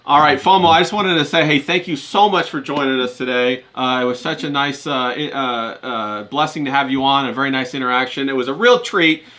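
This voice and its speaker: A man's voice: mid-range voice, brisk, few pauses, pushed and bright. A man hosting a casual stream, hyped and profane, thanking guests with lots of "uh" fillers. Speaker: stream host.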